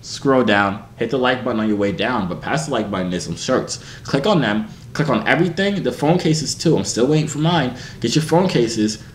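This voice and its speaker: A man's voice: mid-range voice, expressive, normal speed, few pauses. Playful, teasing young man in an echoey room. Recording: echoey room, faint background hiss.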